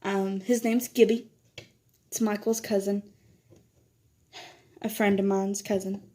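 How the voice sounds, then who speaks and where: A woman's voice: little pitch movement, takes it slowly, dark tone. A teenage girl chatting casually in a vlog, telling stories while doing her makeup. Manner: chatty, laughs often, quotes others in higher voice. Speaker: vlogger.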